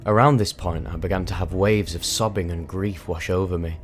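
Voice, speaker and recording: Low-voiced man telling an intense story. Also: steady tone, fairly quick, slight background noise. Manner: intense, vivid, emphatic. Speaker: narrator. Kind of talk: dramatic first-person storytelling.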